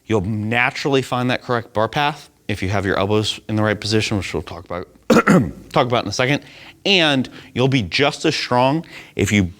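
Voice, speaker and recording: A man's voice: mid-range voice, lively intonation, moderate pace, fairly bright tone. A young man coaching a lift, explaining it step by step and often checking in with "right?". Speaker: strength coach. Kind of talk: instructional demonstration.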